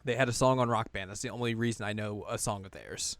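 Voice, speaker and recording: A man co-hosting a chatty podcast, with a smooth, clear voice recorded dry and close on the mic. He jokes and laughs often and fills his talk with "like" and "you know". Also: lowish voice, fast, fairly bright tone, no room sound. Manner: jokey, laughs often, many fillers. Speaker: podcast co-host. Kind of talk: casual chat.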